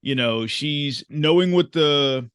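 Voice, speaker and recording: Slow, hesitant man explaining his character. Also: on the high side, a bit bright, clean tone, dry recording, studio quality. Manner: hesitant, repeats words, explains at length. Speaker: player. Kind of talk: in-game discussion of a character.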